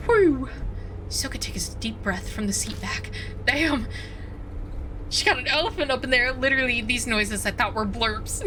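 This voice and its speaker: A woman's voice: fairly high pitch, noisy background. Giggly woman streamer reading game text. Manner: giggly, swears freely, reacts loudly. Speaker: streamer playing a visual novel. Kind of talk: reading game text aloud with casual commentary. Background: game music.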